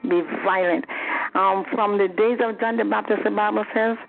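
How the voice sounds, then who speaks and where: A woman's voice: mid-range voice, little pitch movement, fairly quick, vocal fry, faint music behind. A woman teaching a Bible study, giving an earnest testimony and emphatic exhortation with repeated phrases, heard over a telephone conference line. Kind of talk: testimony and exhortation in a prayer call. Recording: tinny phone conference line.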